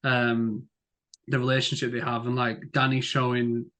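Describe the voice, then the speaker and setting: Young guy, podcast co-host, casual and meandering, average pitch. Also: monotone, normal speed, a bit bright. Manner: rambling, lots of "like" and "um" fillers. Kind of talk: casual film-review chat.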